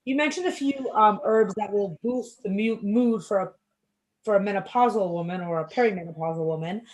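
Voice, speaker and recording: Woman moderator, video call, reading questions, chatty, mid-pitched. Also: fairly quick, a little mellow, slight background noise, poor audio. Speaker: event moderator.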